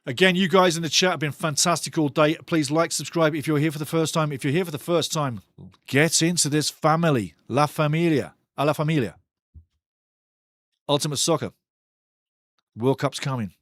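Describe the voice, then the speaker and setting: A man's voice: on the high side, moderate pace, fairly bright tone, dry recording, studio quality. A man hosting a live football watchalong, talking passionately and ranting about refereeing calls in a chatty way. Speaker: watchalong host.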